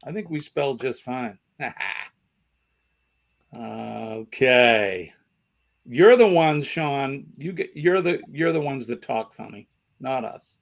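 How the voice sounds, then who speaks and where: A man's voice: medium pitch, expressive, takes it slowly, vocal fry. A man with a Boston accent hosting a casual trivia livestream, chatting and reading out viewer comments. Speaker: trivia show host.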